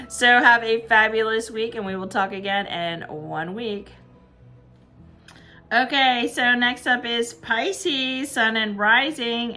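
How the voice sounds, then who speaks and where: A woman reads tarot in a casual, chatty way, her voice bright and forward. She stays upbeat and encouraging throughout, talking at an easy middle pitch. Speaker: tarot reader.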